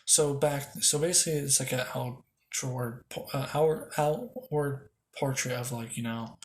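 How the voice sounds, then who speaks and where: A man's voice: medium pitch, unhurried. Rambling young man telling a fan story. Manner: rambling, lots of fillers and restarts. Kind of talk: improvised fan-fiction storytelling.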